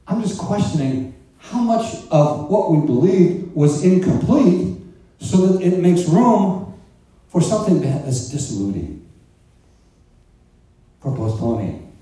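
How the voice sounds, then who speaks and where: Male pastor preaching, chatty and animated, pitch swinging a lot; captured from a distance in a reverberant church. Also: unhurried, long pauses. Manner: animated, conversational preaching with asides to the congregation. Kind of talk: sermon. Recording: roomy echo, distant mic.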